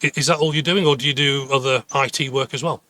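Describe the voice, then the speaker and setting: A man's voice: mid-range voice, fairly even intonation, quick pace, sharp tone, dry recording. A man hosting a podcast interview, affirming his guest and asking questions with some hesitant restarts. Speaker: podcast host.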